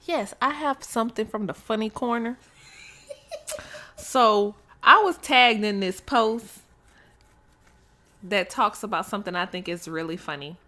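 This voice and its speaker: A woman's voice: mid-range voice, sharp tone. A young woman co-hosting a casual chat podcast, telling funny stories with lots of laughter. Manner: storytelling with laughter, quick asides. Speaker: podcast co-host.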